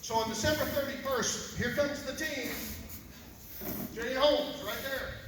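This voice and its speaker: A folksy private investigator tells his story at a press conference, his voice pitched fairly high for a man. He sounds far from the microphone in an echoing hall, with steady background noise. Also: a little slow. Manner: folksy storytelling, acts out phone calls. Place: large echoey hall.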